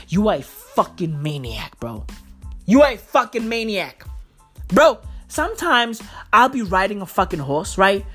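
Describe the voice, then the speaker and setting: A woman delivering a profane comic rant, emphatic and swearing constantly, peppered with "bro.". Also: medium pitch. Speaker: vlogger.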